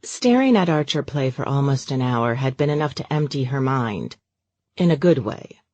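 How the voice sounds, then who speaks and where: A woman narrating a romance audiobook in a steady, measured storytelling manner. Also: rumbling low, no room sound, dull audio. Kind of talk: scripted narration.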